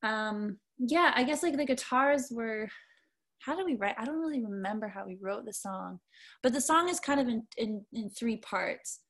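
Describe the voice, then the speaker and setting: A woman's voice: fairly high pitch, normal speed, a bit bright. A young adult woman musician chatting casually in an interview, rambling with lots of fillers and casual swearing. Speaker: musician guest.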